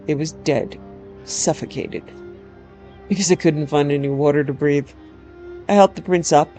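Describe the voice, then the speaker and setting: Warm-voiced woman reading a story. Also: low-pitched. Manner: wry, dramatic first-person storytelling. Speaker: narrator.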